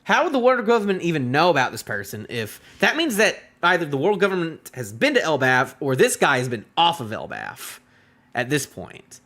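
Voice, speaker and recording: A man's voice: on the high side, moderate pace. A man rambling through a casual live-stream reaction to a manga chapter and talking to his chat. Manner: animated, rambling, talks to chat.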